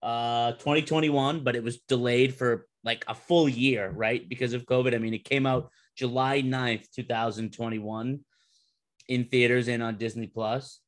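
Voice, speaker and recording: A man hosting a casual podcast chat, animated and quick to laugh as he prods his co-hosts. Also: medium pitch. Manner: animated, laughs often, eager prodding. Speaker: podcast host.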